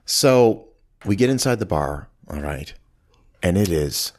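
A man with a very deep voice co-hosts a casual movie podcast. He walks through scenes in an animated way and slips into the characters' lines as he goes. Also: a little slow. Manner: animated retelling, acts out quoted lines. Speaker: podcast co-host.

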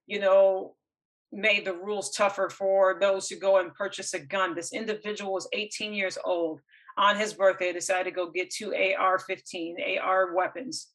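A woman hosting her podcast, speaking earnestly and with passion, often halting and restarting her sentences. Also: mid-range voice, pushed and bright, rough recording. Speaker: podcast host. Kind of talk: emotional solo commentary.

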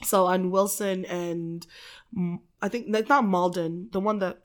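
A woman in her twenties telling stories in a casual chat, animated and laughing a lot, in a small apartment. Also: fairly low pitch, measured pace.

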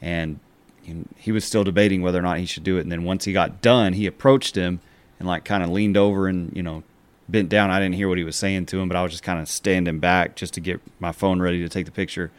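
A man's voice: deep voice, steady tone, fast talker, clean tone, dry recording. A man co-hosting a podcast, telling a long story in casual chat, with many fillers. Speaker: podcast co-host.

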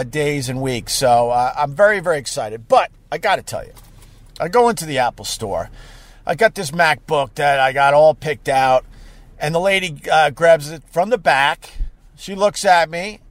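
Brief: high, animated male streamer, dry close sound, rambly storyteller who keeps bursting out loud. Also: dry recording. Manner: animated, with sudden loud outbursts and many fillers. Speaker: live streamer. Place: parked car.

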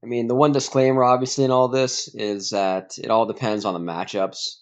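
A man calling into a sports podcast as a guest, talking through his picks in a measured, hedging way. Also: medium pitch, level tone. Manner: measured, hedging, thinks out loud. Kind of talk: casual sports chat. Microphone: remote call. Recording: dull remote call line.

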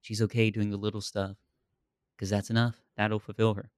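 A man's voice: lowish voice, moderate pace, clean tone, no room sound, clean studio sound. A man co-hosting a podcast, chatting casually and laughing as he talks through a TV series. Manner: relaxed, laughs often, rambling. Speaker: podcast co-host. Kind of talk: casual chat about a TV series.

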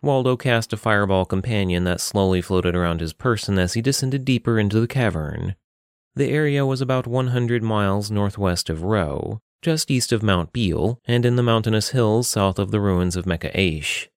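Steady low-voiced male narrator. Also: no echo, clean studio sound. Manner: steady, measured reading. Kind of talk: fantasy audiobook narration.

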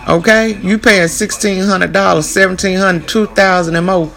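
Podcast host, Texan woman, gravelly voice, emphatic casual monologue. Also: on the low side, moderate pace, few pauses, fairly bright tone. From Texas. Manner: emphatic, repeats "you know what I'm saying".

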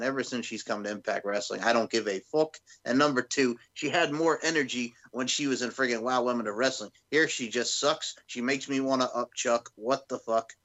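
A man co-hosting a casual wrestling podcast, animated and profane, breaking into loud laughs. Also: medium pitch. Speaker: podcast co-host.

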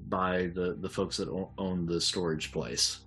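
Deep-voiced male game master. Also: steady tone, unhurried, sharp tone, husky. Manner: rambling, hesitant with many fillers. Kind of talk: narrating a tabletop game.

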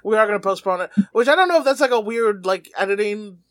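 A man's voice: high voice, animated, fast, a bit bright, no echo, clean studio sound. A man co-hosting a podcast, chatting casually and animatedly, laughing often and swearing. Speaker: podcast co-host.

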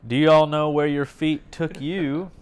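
A man co-hosting a sports podcast, joking with deadpan asides. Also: fairly high pitch, unhurried, clean tone. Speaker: podcast co-host. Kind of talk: casual chat.

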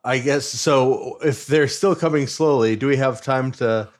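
A man's voice: mid-range voice, a little slow. Hesitant man playing a tabletop game. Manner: hesitant, thinking aloud. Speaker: player.

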